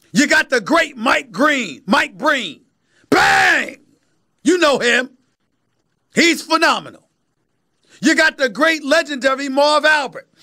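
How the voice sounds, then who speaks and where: A man in his fifties with a strong New York accent talks sports, his voice pitched unusually high with a tense, forceful edge. He preaches rather than chats, raising his voice to a shout and repeating lines for emphasis. It is a fiery sports talk monologue. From New York, USA. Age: 50s. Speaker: sports talk show host.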